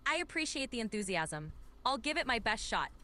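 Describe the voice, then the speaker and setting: This AI voice assistant is a synthetic woman's voice, on the high side, very animated and a little fast. Polite and accommodating, she answers requests with upbeat, cheerful replies and drawn-out, shouted vowels.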